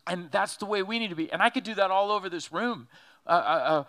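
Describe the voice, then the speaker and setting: A man preaching a sermon in an animated, joking way, acting out quotes as he goes. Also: high-pitched, quick pace. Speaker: pastor.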